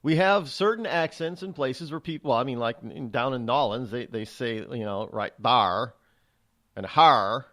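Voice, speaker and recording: A man's voice: mid-range voice, normal speed, few pauses. A man hosting a show, talking in a rambling, chatty monologue with frequent restarts. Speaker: radio show host. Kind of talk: casual monologue.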